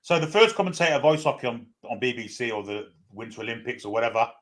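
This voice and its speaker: Co-host, male: lively, animated intonation, jokey anecdotal chat. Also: mid-range voice, fast. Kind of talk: live stream chat.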